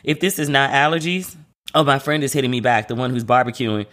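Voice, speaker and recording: A man's voice: medium pitch, brisk, a bit bright. A man hosting a casual solo podcast, chatty and slangy, who often acts out the voices of people he quotes. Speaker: podcast host.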